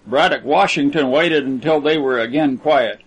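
A man's voice: mid-range voice, moderate pace, slightly rough, poor audio. Man reading a story aloud evenly. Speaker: audiobook narrator. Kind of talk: scripted narration.

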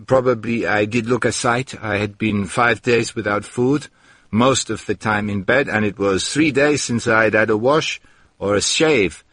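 A man narrating a story in an expressive reading, with heated outbursts in the dialogue. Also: lowish voice, unhurried, no echo, clean studio sound. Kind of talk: audiobook narration.

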